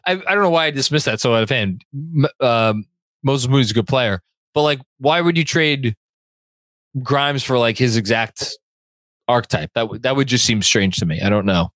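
A man's voice: mid-range voice, normal speed, a bit bright, dry recording. A man hosting a sports fan podcast, reading viewer comments aloud in a rambling way and often repeating words while he thinks. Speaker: podcast host.

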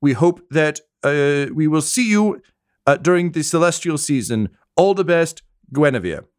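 A man's voice: a little high, lively intonation, normal speed, clear, resonant tone, voice pushed up, lightly acted. A man voicing a nervous, stammering male roof worker in a tabletop game. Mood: flustered. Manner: stammering, flustered.

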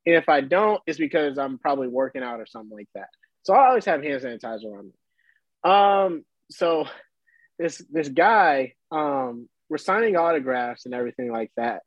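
A young man in his twenties, a baseball player guest telling a story in casual chat, animated and laughing often. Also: on the high side, normal speed, no echo, lo-fi sound.

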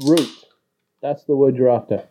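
Over muffled voicemail audio, an Australian caller with a mellow, medium-pitched voice speaks unhurriedly. He leaves a podcast a rowdy, crude voicemail rant, teasing and profane and packed with swearing.

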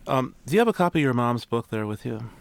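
A man interviewing guests on a radio program, asking questions in a calm, measured way. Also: medium pitch, vocal fry, no room sound.

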